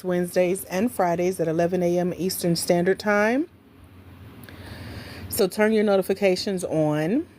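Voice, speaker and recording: Black lady doing a phone livestream, super lively voice, chatty n playful, little hiss behind her. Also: lowish voice. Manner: chatty, playful, talks straight to viewers. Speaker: livestream host, grants coach. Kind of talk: casual livestream chat.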